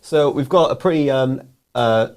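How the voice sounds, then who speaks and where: A man's voice: mid-range voice, darkish tone. A man co-hosting a business live show, chatting casually with lots of fillers and laughs, his voice a little worn. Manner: quick, laughing, filler-heavy. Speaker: co-host.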